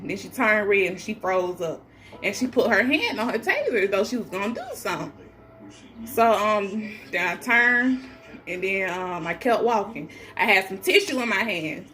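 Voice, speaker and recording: A woman's voice: medium pitch, measured pace. Blunt, defiant pregnant woman telling a story. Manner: animated, acts out others' lines in shifted voices; blunt, defiant, swears freely. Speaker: person telling of her own arrest. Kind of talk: casual first-person storytelling.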